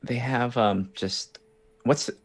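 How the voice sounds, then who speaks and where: A man's voice: mid-range voice, slow. A man playing a tabletop game, thinking aloud hesitantly while checking his character's rules. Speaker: player.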